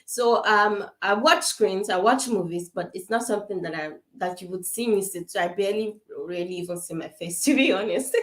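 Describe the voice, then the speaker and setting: A woman's voice: mid-range voice, a bit bright, reverberant. A woman from Africa speaking to parents in a casual online talk, earnest and repetitive, with many fillers and restarts. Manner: earnest, repeats points, frequent fillers and restarts. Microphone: webcam on a video call.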